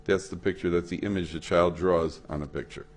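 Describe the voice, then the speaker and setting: A man with a very low voice lectures as a rabbi, telling stories in a chatty way. He jumps higher in pitch to act out the people he quotes. His speech is sprinkled with Hebrew and Yiddish words. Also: fairly even intonation, brisk. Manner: storytelling, acts out quoted voices with big pitch swings; conversational, uses Yiddish and Hebrew terms. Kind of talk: lecture to an audience. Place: hall at a memorial event.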